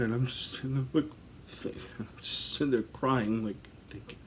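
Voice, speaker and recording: A man's voice: mid-range voice, moderate pace, fairly bright tone, a little hiss or hum. A man casually telling a comic story on a podcast, rambling through lots of fillers and breaking into laughter. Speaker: podcast host.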